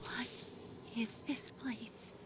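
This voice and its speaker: An actor voicing a frightened young companion in a game, anxious and apologetic. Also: male voice, drawn-out words, noisy background. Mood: uneasy. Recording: game audio under loud music.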